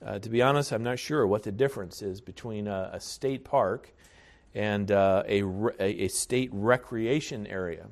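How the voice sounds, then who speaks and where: A man preaching a sermon as pastor, speaking in a measured, deliberate way with frequent hesitations. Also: on the low side.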